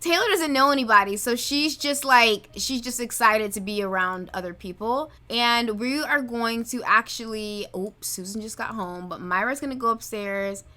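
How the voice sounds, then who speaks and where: An excitable young woman narrating her own life-sim game story into a desk mic, reacting dramatically with gasps and exclamations. Her voice is bright and a little high. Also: moderate pace, hardly any pauses.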